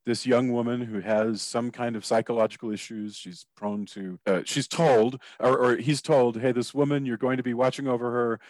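A man's voice: mid-range voice, fairly even intonation, moderate pace, hardly any pauses, a little mellow, dry recording. Chatty Texan man hosting an interview. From Texas. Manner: restarts sentences often, chatty. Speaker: podcast host. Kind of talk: casual interview.

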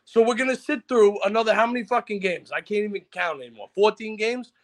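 A man, ranting angrily and profanely as a caller on a sports talk show. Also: sits high. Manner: angry, profane, rapid-fire ranting. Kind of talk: ranting casual chat.

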